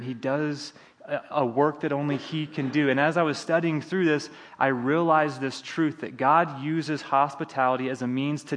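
A male pastor delivers a sermon in a conversational, easygoing manner, often restarting his sentences. His voice sits at an ordinary pitch. The sanctuary around him adds a long, echoing reverb. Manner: conversational preaching with frequent restarts.

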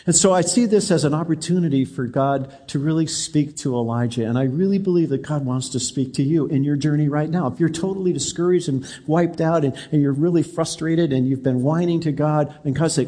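A middle-aged pastor gives a sermon, talking to his congregation in a direct, conversational way. His voice sits a little high for a man. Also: brisk, warm tone. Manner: conversational preaching, personal and direct.

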